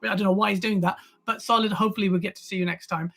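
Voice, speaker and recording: A woman's voice: mid-range voice, fairly even intonation, rapid-fire, a bit bright. A woman hosting a casual live-stream panel, playful and teasing, often laughing. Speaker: host.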